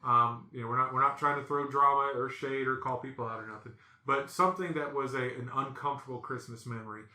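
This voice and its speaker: A man hosting a podcast, telling stories in a casual, animated way and acting out the voices in them. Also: mid-range voice, quick pace, reverberant. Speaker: podcast host. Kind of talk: casual storytelling chat.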